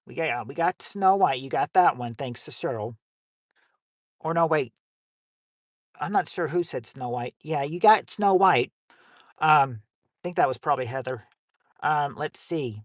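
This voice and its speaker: A man's voice: on the high side, expressive, a little slow, pauses often, no echo, studio quality. A man hosting a family game night livestream, reading out survey answers with rambling jokes and crude wisecracks. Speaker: game show host.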